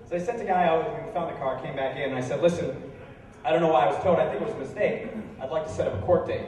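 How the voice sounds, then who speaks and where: A young man performing stand-up comedy, telling stories in a deadpan way that jumps into incredulous high outbursts. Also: racing, slight background noise. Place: bar venue with a live audience. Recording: echoey room recorded from far off.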